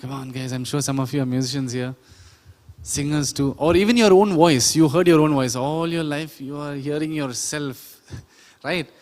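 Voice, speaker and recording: A man's voice: medium pitch, a little mellow. A man teaching a sound production class, chatty and often quizzing his audience. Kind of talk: classroom lecture. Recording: reverberant lecture hall.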